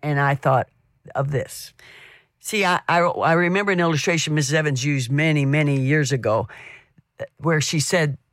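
A woman's voice: low voice, moderate pace, no echo, clean studio sound. Chatty middle-aged woman hosting devotional radio. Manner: chatty and anecdotal, warm storytelling with restarts. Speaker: radio program host.

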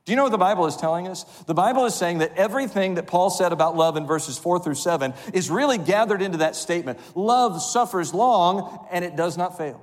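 Man, pastor, sermon, call-and-response, high voice, long church reverb. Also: expressive, brisk, few pauses. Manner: preaching with call-and-response to congregation. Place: church sanctuary.

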